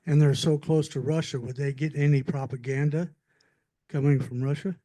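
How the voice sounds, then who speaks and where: Mellow-voiced audience questioner. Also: male voice, fairly high pitch, steady tone, moderate pace. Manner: tentative, wondering aloud. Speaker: audience member asking a question.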